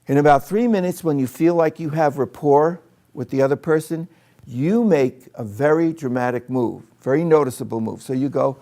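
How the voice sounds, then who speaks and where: A man's voice: fairly high pitch, normal speed, warm tone. A man training teachers in a live workshop, chatting with his audience and demonstrating with a volunteer in a training room.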